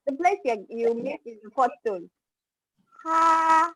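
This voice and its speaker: A woman's voice: on the high side, expressive, moderate pace, mellow, husky, no echo, rough recording. A woman teaching an online class over a video call, patiently modeling pronunciation for students to repeat.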